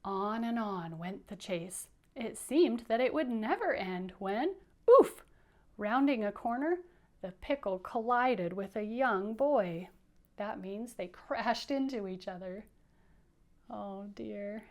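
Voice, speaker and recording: A woman's voice: mid-range voice, expressive, a little slow. A woman teacher giving a playful, coaxing read-aloud for children, inviting them to repeat lines after her. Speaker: teacher reading aloud to kids.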